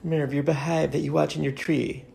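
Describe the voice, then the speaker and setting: A woman's voice: low-pitched, little pitch movement, normal speed, gravelly, a crowd in the background. A woman talking to her cat at home in playful, teasing baby talk, giggling often. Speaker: pet owner.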